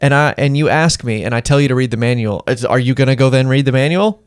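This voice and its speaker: A man talks through everyday advice in an offhand, rambling way, with a middle-pitched voice and very dry, close sound. He slips into quick acted-out exchanges as he goes. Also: clear, resonant tone, no room sound. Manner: rambling, offhand, acts out little dialogues. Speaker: podcast co-host. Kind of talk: casual advice chat.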